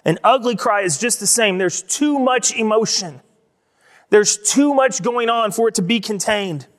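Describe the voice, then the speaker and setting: A pastor preaching a sermon in a conversational way, repeating words for emphasis. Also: male voice, high-pitched, a little slow. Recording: long reverb of a large hall.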